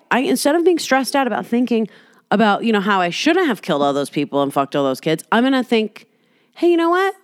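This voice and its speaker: Brief: woman putting on a smug, boastful male killer, pitched up, mocking. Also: no room sound, studio quality. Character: gleeful self-congratulating male serial killer.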